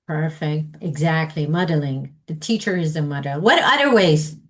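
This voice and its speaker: A woman's voice: low voice, moderate pace. A woman leading a teacher training session, asking the group questions and modeling example sentences aloud.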